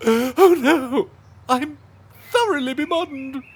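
A man's voice: very high voice, takes it slowly, pitched above the performer's own voice. A man playing a pompous, haughty servant of an earl in a comedy sketch. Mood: flustered. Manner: haughty, indignant.

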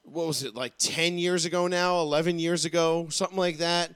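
A young man co-hosting a casual chat show, swearing freely and telling stories with animated energy. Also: fairly high pitch, brisk, clean tone, no echo. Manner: profane, animated storytelling. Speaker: podcast co-host.

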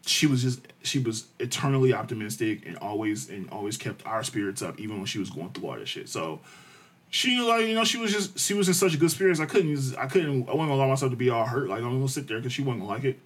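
Man, casual podcast chat, animated storytelling, swears a lot, laughs often, mid pitch. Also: fast, breathy edge. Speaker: podcast co-host.

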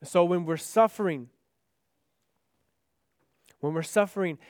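High-voiced earnest male preacher, dry sound. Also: slow, smooth, no echo. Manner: earnest, building to impassioned pleas then dropping soft. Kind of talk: sermon.

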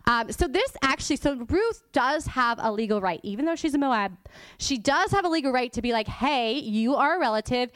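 A woman's voice: sits high, very animated, brisk, fairly bright tone, smooth, dry recording. A woman giving a sermon in a chatty, informal way, laughing often and dropping to a whisper to make a point. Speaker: guest church teacher. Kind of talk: conversational sermon.

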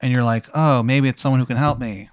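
A man telling a rambling, deadpan improvised story, full of fillers. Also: medium pitch, quick pace, clean tone, no echo, studio quality.

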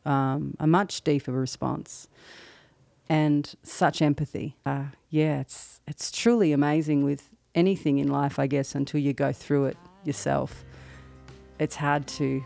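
A woman talks through a personal story in an earnest, reflective monologue. Her voice has a gravelly, fried texture, and it sits in a dry, close sound with no room around it. She often pauses and restarts as she gathers her thoughts. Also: low voice, fairly even intonation, dark tone, dry recording, soft background music. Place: lives in the American South.

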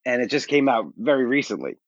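A man who is a stand-up comedian, telling candid, self-deprecating stories as a podcast guest, blunt and quick to get defensive. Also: mid-range voice, sing-song, dry recording, muffled recording.

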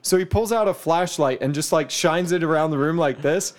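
A man in casual chat, an animated storyteller who laughs often. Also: a little high, a little fast.

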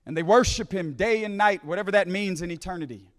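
High-voiced preacher man in a hall. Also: fast. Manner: repeats phrases, restarts, "right?" asides, drops to hushed quoting. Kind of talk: conference sermon. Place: large conference hall. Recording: reverberant hall.

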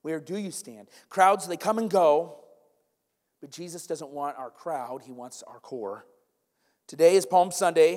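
A male pastor preaching a sermon, swinging from loud, urgent calls to hushed intensity. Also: on the high side. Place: church sanctuary. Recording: long church reverb with faint music.

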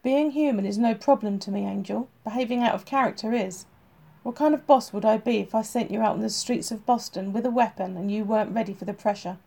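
A woman voicing a gruff male police chief who is firm and blunt with his detective, in an audiobook reading. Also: mid-range voice, fairly quick, mellow.

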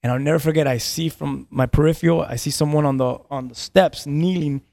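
His voice sits on the high side, gravelly and darkish, and he talks briskly in a dry recording. The speaker, a pastor in his thirties, earnestly tells a personal story on a podcast. He often repeats words and laughs between lines.

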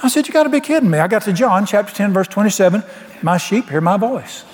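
A man's voice: sits high, lively intonation, fast talker, in a large hall. A man preaching a sermon, telling his story in a folksy way and acting out the dialogue.

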